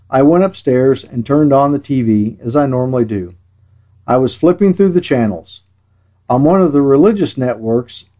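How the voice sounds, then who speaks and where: A man preaching a scripted sermon in a measured, earnest way, with dry sarcasm at times. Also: mid-range voice, mellow.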